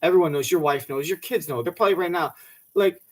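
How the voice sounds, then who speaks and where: A man's voice: a little high, fast talker. A man ranting in a mocking, profane comedic way, swearing freely and putting on voices. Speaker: commentator reacting to a talk show clip.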